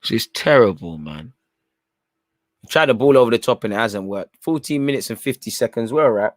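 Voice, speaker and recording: With an expressive, mid-range voice and a fairly quick pace, a man delivers loose, opinionated live commentary during a football watchalong, often tacking on "man." He reads out chat messages and responds to them; the studio-quality audio has no room sound.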